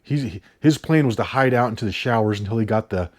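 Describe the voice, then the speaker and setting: A man's voice: on the low side, brisk. A man casually chatting to camera about movies he watched and discs he bought, rambling with frequent restarts. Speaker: video host reviewing his disc purchases. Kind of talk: casual chat.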